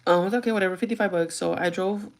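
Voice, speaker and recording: A woman's voice: mid-range voice, rapid-fire. A young adult woman vlogging in casual chat, rambling through a story with lots of fillers and switching languages mid-sentence.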